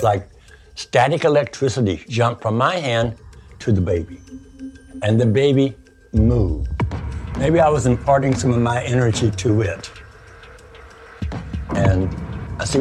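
An older man telling his own experiences in an earnest, matter-of-fact way, in an interview clip. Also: on the low side. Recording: played clip with loud music behind.

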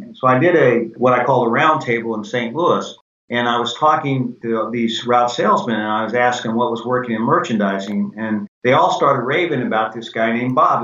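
An older man talks through business anecdotes and slips into the voices of people he quotes. He sits back from the microphone, and the room gives his voice a roomy echo. The recording sounds a little dull. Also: mid-range voice. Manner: animated anecdotes with quoted dialogue. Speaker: guest, former company president. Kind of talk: conversational storytelling. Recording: echoey, distant, dull sound.

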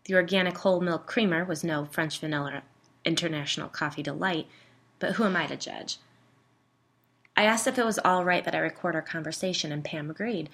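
A woman's voice: on the low side, fairly bright tone. A woman narrating a first-person story in a wry, conversational way.

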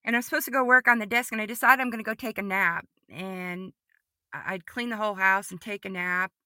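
A woman giving a podcast testimony, telling a personal story vividly and emotionally, often repeating phrases and moving between hushed and excited delivery. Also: mid-range voice, brisk, no echo, clean studio sound.

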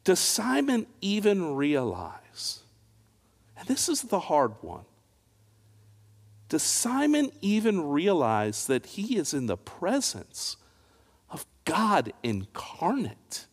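A man's voice: high voice, wildly swooping pitch, slow. A male pastor delivering a sermon with dramatic swings of emphasis and pointed rhetorical questions. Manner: dramatic, rising and falling preaching with rhetorical questions. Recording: long reverb of a large hall.

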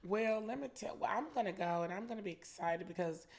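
A woman's voice: medium pitch, fairly quick, a little mellow. A woman co-hosting a podcast, upbeat and emphatic in casual chat. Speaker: podcast co-host.

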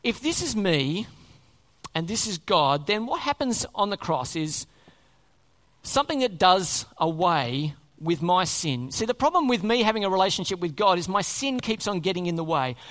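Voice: medium pitch, sing-song, normal speed, a bit bright. A preacher delivering a sermon, speaking emphatically, repeating key words and asking many rhetorical questions.

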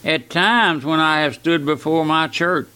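A man's voice: a little high, a little slow, pushed and bright, clear, resonant tone. An older man preaching a fervent radio sermon, pleading with his listeners through repeated rhetorical questions.

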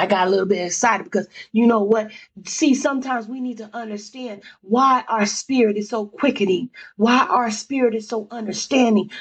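A woman preaching a fervent sermon in a high, breathy voice. She exclaims and circles back to repeat lines for emphasis. Her tone is husky, with plenty of lift. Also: low-quality recording.

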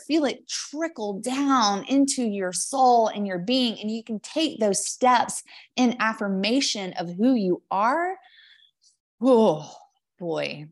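A woman podcast host talking reflectively and earnestly, sometimes searching for her words. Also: a little high. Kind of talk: reflective interview conversation.

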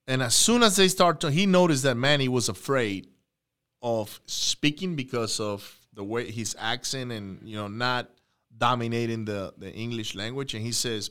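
A man talks in a casual podcast chat. His voice is smooth and clear, at a middle pitch. He tells stories with animation and breaks off for quick asides. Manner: animated storyteller, quick asides and shout-outs. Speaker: podcast co-host, real estate investor.

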